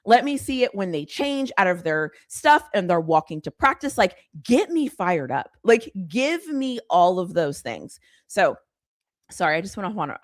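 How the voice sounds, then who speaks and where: A young woman hosting a casual live stream, rambling excitedly and repeating herself. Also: medium pitch, no echo, clean studio sound.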